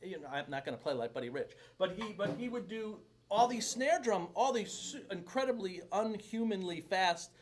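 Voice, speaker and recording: Chatty drum teacher, lively voice. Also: male voice, sits high, normal speed, hardly any pauses, a little hiss or hum. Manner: rambling, joking, self-deprecating. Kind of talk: casual video lesson. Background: loud drum kit playing.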